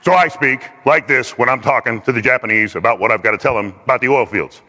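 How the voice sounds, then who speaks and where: A man giving a faith-based teaching talk in a lively, conversational way, acting out quoted speech. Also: medium pitch, fast talker, big-room sound.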